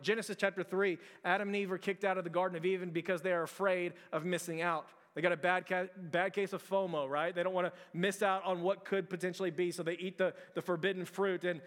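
High-voiced preacher in a reverberant church. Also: male voice, fairly bright tone. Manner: conversational, repeats words, frequent fillers and restarts. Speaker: pastor. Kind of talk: sermon. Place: large church hall. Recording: long hall reverb.

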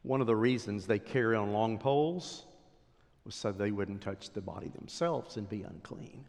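A pastor preaching a sermon, swinging from loud declarations to hushed whispers. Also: male voice, fairly low pitch, normal speed, gravelly. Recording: long hall reverb.

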